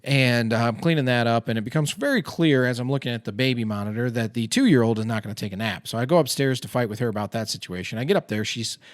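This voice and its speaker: A man in his thirties, a financial advisor, hosts a casual podcast that feels like a chat over a beer. Chatty and self-deprecating, he tells stories with lots of fillers, speaking quickly with hardly any pauses in a medium-pitched voice, with clean studio sound and no room sound.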